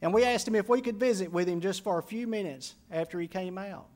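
Preacher guy, high voice, gets loud and intense on the big lines. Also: fast talker. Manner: builds to emphatic, rising intensity on key phrases. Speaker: pastor. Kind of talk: sermon.

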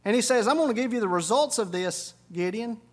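Man, high voice, sermon, climbing emphatic bursts. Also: expressive, a little fast. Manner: preaching with sudden rises in pitch and volume. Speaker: pastor.

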